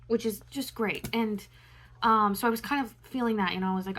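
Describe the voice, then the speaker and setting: A woman's voice: fairly high pitch, brisk, a bit bright. A young woman talking to camera in a loose, reflective monologue, full of fillers and restarts. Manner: meandering, many fillers like "um" and "you know". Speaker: astrology vlogger.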